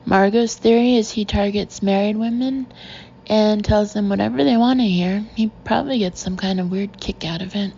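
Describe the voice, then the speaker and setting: A woman voicing a gushing, gossipy society woman who confides in a low, breathy voice. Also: normal speed, mellow, muffled recording, a little hiss or hum, lightly acted.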